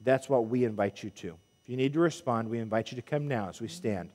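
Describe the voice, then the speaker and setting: A man, a minister preaching a sermon to his congregation in an animated way, with emphatic calls to the people. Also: mid-range voice, quick pace. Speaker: pulpit minister. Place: church sanctuary. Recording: long church reverb.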